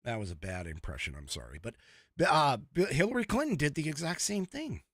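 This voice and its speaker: A man's voice: fairly high pitch, wildly swooping pitch, normal speed, fairly bright tone, dry recording. A man in his own podcast, delivering casual political commentary. His voice is raised a little above typical and swings widely, with a rambling, chuckling delivery. The sound is dry and close. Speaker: podcast host.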